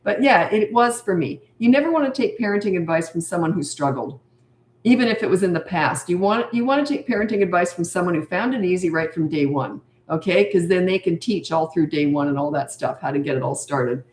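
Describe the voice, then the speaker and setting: Brisk and lively in intonation, an older woman with a lowish, darkish-toned voice answers viewers' questions as a parenting coach on a live stream. She's chatty and emphatic, hammering her points home in a clearly echoing room.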